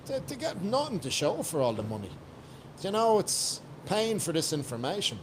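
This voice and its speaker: A man's voice: high-pitched, huge pitch swings, moderate pace, noisy background. An Irish man from Ireland, a guest coach on a podcast, talking in a blunt, emphatic way and swearing freely. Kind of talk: casual podcast chat.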